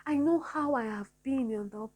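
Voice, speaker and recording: A woman's voice: high-pitched, moderate pace, a little mellow, rough recording. A woman talking earnestly to her viewers in a personal vlog, repeating her points to encourage them. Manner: earnest, repetitive, encouraging, faith-filled. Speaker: vlogger.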